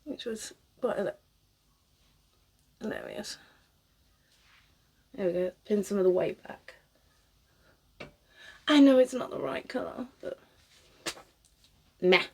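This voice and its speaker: Slow and husky, with long pauses and lively intonation, a British woman in her thirties talks at a medium pitch. She's a cosplayer working on a wig during a casual, rambling chat, swearing freely and laughing often.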